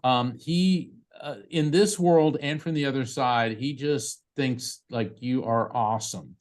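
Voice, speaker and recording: A man working as a psychic medium, giving a live reading to a grieving parent over a video call in a chatty, halting way full of fillers and restarts. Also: medium pitch.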